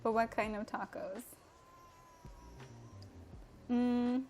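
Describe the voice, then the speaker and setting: A woman's voice: on the high side, steady tone, very slow, a little mellow, a little hiss or hum. A young woman from Mexico, chatting casually and giggling as she cooks and answers viewer comments on a home livestream. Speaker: livestream host. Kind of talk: casual live-stream chat while cooking. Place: home kitchen.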